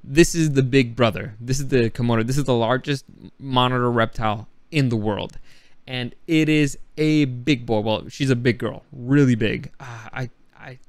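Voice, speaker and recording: A man's voice: medium pitch, dry recording. A man narrating his travel vlog casually, rambling and trailing off mid-sentence. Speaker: vlogger.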